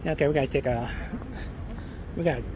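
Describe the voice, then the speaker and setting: A man's voice: medium pitch, fast, a little mellow, slight background noise, low-quality recording. A middle-aged man filming a casual travel vlog on a handheld phone, walking a city sidewalk and chatting with many fillers and joking asides. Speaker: travel vlogger and channel host. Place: outdoors on a city sidewalk, then in a small car. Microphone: handheld phone camera.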